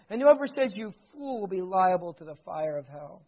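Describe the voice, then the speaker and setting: A man preaching a sermon, swinging from loud emphasis down to hushed, intimate passages. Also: sits high, animated, moderate pace, hardly any pauses, muffled recording. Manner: dramatic swings from loud emphasis to near-whisper; acts out dialogue of a retold sitcom scene.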